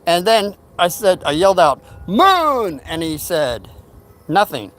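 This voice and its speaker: High-voiced older man telling a story. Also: unhurried. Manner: rambling, animated retelling with acted-out quotes. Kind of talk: casual storytelling.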